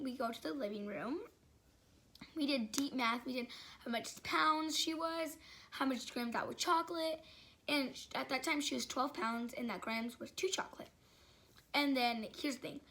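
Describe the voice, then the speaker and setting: A woman's voice: high voice, normal speed, creaky, a bit bright. A woman vlogger telling a casual story, rambling and filling it with "like" and "um". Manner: rambling, filler-heavy storytelling with frequent "like".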